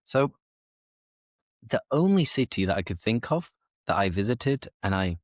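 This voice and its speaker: A young man hosting a slow, clear conversation for English learners, speaking in a measured, reflective, explanatory way. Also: on the low side, sing-song, dry recording, studio quality. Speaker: English teacher, host.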